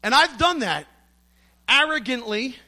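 A man's voice: very high-pitched, animated, unhurried, bright, forceful tone. A middle-aged man preaching a sermon, emphatic and storytelling, acting out the voices he quotes.

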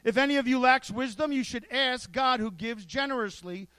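A man preaching a sermon, animated and playful, with asides worked into his points. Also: very high-pitched, normal speed, smooth, no echo. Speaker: pastor.

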